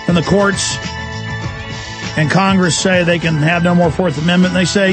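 A man hosting a call-in radio show, ranting fast and indignantly and mocking officials in put-on voices. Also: sits high, fairly even intonation, over music. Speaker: radio talk show host.

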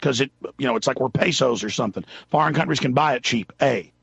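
Male talk radio host, gravelly husky voice, rambling delivery, dry dull studio sound. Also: mid-range voice, quick pace, fairly bright tone, no room sound. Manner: rambling, loses his train of thought mid-sentence.

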